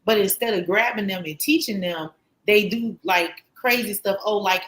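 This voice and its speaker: A woman co-hosting a podcast round table in casual chat, animated and quick to laugh. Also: medium pitch, rough recording. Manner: animated, laughs often, talks in long runs. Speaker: podcast co-host.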